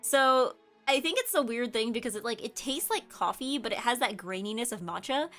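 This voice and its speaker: A woman's voice: on the high side, animated, normal speed, fairly bright tone, faint music behind. A woman streamer in casual chat, rambling and correcting herself, with lots of filler words. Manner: rambling, chatty, many filler likes, self-correcting.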